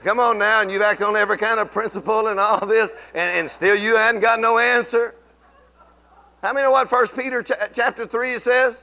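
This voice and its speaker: A man's voice: sits high, steady tone, moderate pace, sharp tone, poor audio. A middle-aged man preaching a sermon, telling folksy stories and rising into emphatic bursts.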